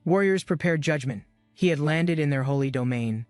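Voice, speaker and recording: A man's voice: a little high, normal speed, no room sound, soft background music. A man giving scripted, dramatic narration of a comic-book recap.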